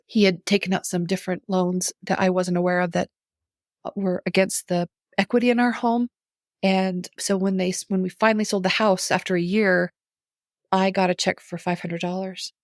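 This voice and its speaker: A middle-aged woman, a guest on a podcast, telling a personal story in casual conversation, animated, acting out her own reactions and laughing often. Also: fairly low pitch, normal speed, no echo, studio quality.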